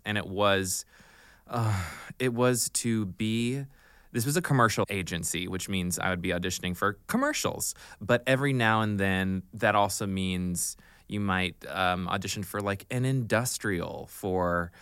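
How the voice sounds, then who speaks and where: A man, an actor, telling an anecdote on a podcast, animated, often chuckling, and acting out the voices in his story. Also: deep voice, a little slow, clear, resonant tone, no echo, studio quality. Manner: chuckles often while he talks. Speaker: actor guest.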